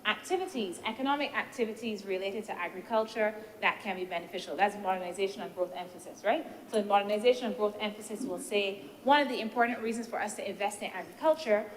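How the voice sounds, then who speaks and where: Woman senator in echoey chamber. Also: medium pitch. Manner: measured, deliberate, poses rhetorical questions. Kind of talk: parliamentary debate speech. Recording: reverberant chamber with faint background noise.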